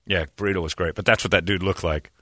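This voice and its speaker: A man hosting sports talk radio, telling animated stories and acting out the people he quotes. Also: sits low, fast, dry recording, studio quality. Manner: animated storyteller who acts out quoted voices.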